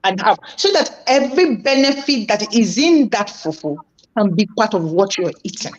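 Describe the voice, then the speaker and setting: A woman's voice: mid-range voice, lively intonation, moderate pace, highs cut off. A woman being interviewed as a guest, earnest and thoughtful, often repeating words as she thinks aloud. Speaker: interview guest, food entrepreneur.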